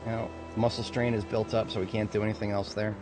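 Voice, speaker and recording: A man's voice: lowish voice, little pitch movement, brisk. A man casually commenting on his own gameplay, muttering to himself and often swearing. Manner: swears a lot, flips from mumbling to angry yelling. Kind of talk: casual let's-play commentary. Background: game music and sounds.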